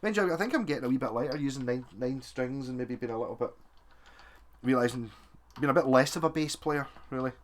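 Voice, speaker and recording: A guitar tinkerer and video maker with a medium-pitched voice talks at a quick pace as he works on a guitar. He thinks aloud in chatty, self-mocking commentary while busy with his hands.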